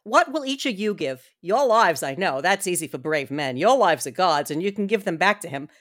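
A woman's voice: lowish voice, big pitch swings, moderate pace, no echo, studio quality. A woman reading the part of a devoted, earnest young wife with heartfelt drama. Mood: pleading.

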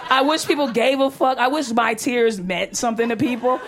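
A woman's voice: fairly high pitch, brisk, crowd noise, noisy background. A woman doing a brash, profane stand-up comedy set on stage, talking animatedly and laughing often. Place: comedy stage before an audience.

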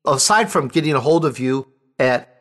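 A man's voice: medium pitch, animated, normal speed, a bit bright. A man hosting an interview show, speaking in an enthusiastic, effusive way. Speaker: talk show host. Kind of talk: interview conversation.

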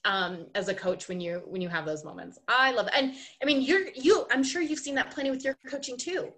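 Animated woman skating coach telling stories. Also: a little high, brisk. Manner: animated storyteller, emphatic repetition. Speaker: ice skating coach, podcast guest. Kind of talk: casual interview conversation.

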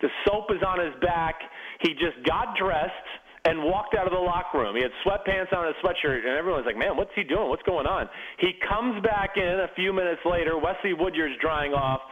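An animated man spinning locker-room stories, often restarting his sentences as he builds them up. His voice sits a little high for a man. The recording is dull and lo-fi. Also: fairly quick. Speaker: guest, former pro football player. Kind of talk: storytelling in casual chat.

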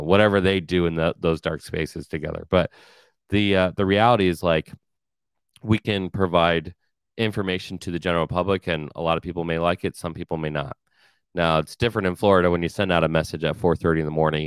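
A man's voice: sits low, clean tone, no echo. A man hosting a podcast, talking through a loose, conversational monologue full of fillers and blunt asides. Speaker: podcast host.

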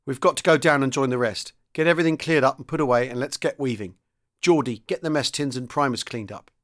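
A man's voice: mid-range voice, quick pace, lightly acted. A man voicing a young, earnest tank commander who tries to sound stern giving orders. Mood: ordering.

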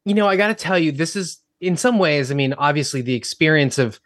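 A man's voice: on the high side, lively intonation, brisk, a bit bright, dry recording, clean studio sound. A man on a podcast who talks in long rambling runs full of fillers like you know and like. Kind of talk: casual podcast chat.

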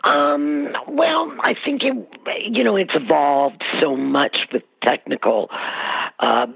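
A woman guest telling rambling, animated anecdotes in a casual interview, with lots of fillers. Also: low-pitched, slow, gravelly, husky, dry recording, narrow, tinny audio.

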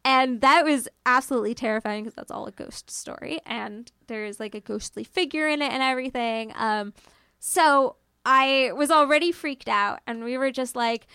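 A young woman tells a personal ghost story in a loose, chatty way, full of fillers and casual swearing, acting out her own lines as she goes. Her voice sits a little high with plenty of gravelly fry. The sound is dry and close, with no room echo. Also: normal speed, pushed and bright.

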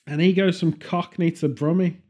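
A man's voice: high voice, steady tone, normal speed, a little mellow. A man from Birmingham with a Birmingham accent, chatting casually and rambling, laughing often. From Birmingham, England. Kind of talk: casual chat.

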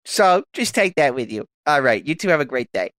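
A woman's voice: rumbling low, sing-song, a little fast, no echo, studio quality, voice pushed down. A woman doing a brash Sicilian-accented tough-guy neighbor. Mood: menacing. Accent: put-on Sicilian. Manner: baby-like mumble, tough-guy swagger. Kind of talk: improvised comedy podcast.

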